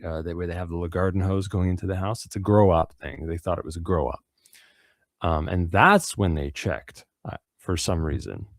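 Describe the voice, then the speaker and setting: A man with a very low voice talks through the news in a loose, rambling way. He swears freely and trips over restarts and fillers. His voice sounds close and dry. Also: darkish tone, no echo. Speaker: radio show host. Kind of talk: casual news commentary.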